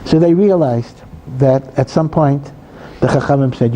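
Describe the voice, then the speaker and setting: A male rabbi teaches in a very dark, mellow voice, talking casually with frequent asides and restarts. There is a faint hiss behind him. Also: fairly high pitch, expressive, normal speed, muffled recording. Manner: conversational, many asides and repetitions. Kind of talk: Torah lecture.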